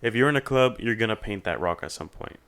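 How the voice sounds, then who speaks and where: Smooth-voiced young man telling a story. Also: lowish voice, fast talker. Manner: animated storyteller, swears a lot, acts out voices of others. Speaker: podcast guest. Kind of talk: casual storytelling.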